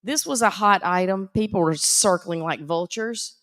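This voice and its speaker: A woman with a Southern American accent announcing prize winners at a live event, teasing and animated. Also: mid-range voice, moderate pace, no room sound, studio quality. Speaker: auction emcee.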